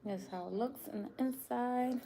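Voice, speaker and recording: Chatting with viewers live, a young cooking vlogger with a New York accent speaks in a fairly high-pitched yet dark voice. Her talk is casual and slow, with long drawn-out words and frequent laughter.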